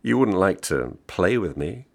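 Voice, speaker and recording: A man's voice: low voice, expressive, a little slow, creaky, a little mellow, pitched above the performer's own voice, exaggerated voice. A man reading the part of a bored, sardonically joking American man of thirty-five. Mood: wry. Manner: wry, teasing, mock-jovial.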